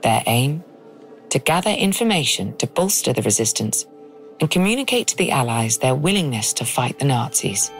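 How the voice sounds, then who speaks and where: A woman in her thirties giving measured, grave documentary narration from a script. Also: extremely low pitch, sing-song, soft background music.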